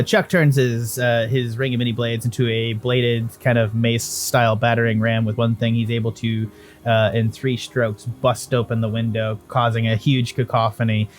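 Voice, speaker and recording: A man narrating as game master in a casual, rambling way, often correcting himself. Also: mid-range voice. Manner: rambling, self-correcting, laughing asides.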